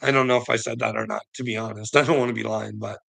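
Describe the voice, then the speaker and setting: Man, vlogger, agitated rambling rant, gravelly and husky with a bright edge, laughs often, swears freely. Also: fairly low pitch, steady tone, fast. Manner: heavy swearing, frequent nervous laughs, agitated. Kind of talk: rambling monologue to camera.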